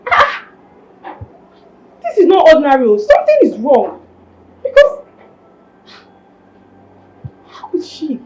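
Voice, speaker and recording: A woman's voice: sits high, wildly swooping pitch, takes it slowly, pauses often, full character voice, poor audio. An actress playing a protective, suspicious female friend with a Nigerian accent, in a film drama. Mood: shocked. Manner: questioning, exclaiming.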